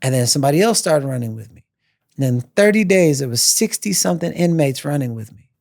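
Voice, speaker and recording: A man speaks as a podcast guest, telling his own story with animated repetition of key phrases. His voice has a gravelly, fry-edged texture. The sound is dry and close, with no room echo. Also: fairly high pitch, fast. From United States. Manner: animated, repeats phrases for emphasis. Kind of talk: personal storytelling in a conversation.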